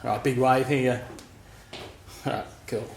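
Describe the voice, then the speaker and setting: A man's voice: medium pitch, fairly even intonation, a little slow, creaky, echoey room, a little hiss or hum. A middle-aged Australian man chatting casually to camera in his home workshop, friendly and matey, calling people "mate". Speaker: machining YouTuber.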